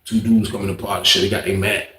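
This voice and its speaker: A man's voice: lowish voice, flat delivery, rapid-fire, fairly bright tone. A man telling a story from his past in a casual, slangy, profane, rambling way. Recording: echoey room.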